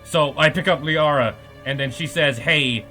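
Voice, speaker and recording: A man's voice: on the high side, normal speed, sharp tone, faint music behind. A man hosting a podcast, giving a comedic, profane recap of a game plot and laughing often. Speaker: podcast host.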